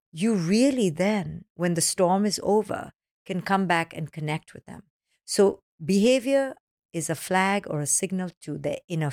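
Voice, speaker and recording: A woman being interviewed as a parenting author, explaining ideas with acronyms and lively acted-out quotes. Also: medium pitch, dry recording, studio quality. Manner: animated, acts out children's voices in quotes. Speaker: parenting author, podcast guest. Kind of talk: podcast interview.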